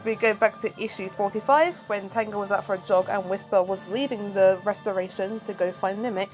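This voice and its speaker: A woman reviewing a comic book, recapping it in a chatty, animated casual way. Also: medium pitch, brisk, soft background music, poor audio.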